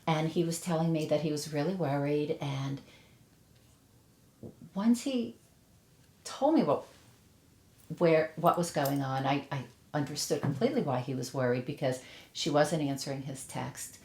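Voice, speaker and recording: A middle-aged woman recounts events in a documentary interview and acts out the voices she quotes. Her voice is very low for a woman. The room around her is echoey. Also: animated, normal speed, darkish tone.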